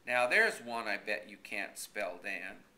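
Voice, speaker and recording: A man's voice: fairly low pitch, very animated, slow, sharp tone, heavily acted. A man voicing a stubborn rural man who argues fussily about spelling, in folksy ungrammatical speech. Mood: exasperated. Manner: folksy rural grammar, argumentative.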